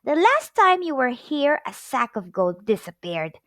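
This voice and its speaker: A woman voicing a giant's wife, a big, bossy, sharp-tongued woman who scolds in a high, brisk voice, in a storybook reading. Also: very animated, no echo, studio quality, heavily acted. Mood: scolding.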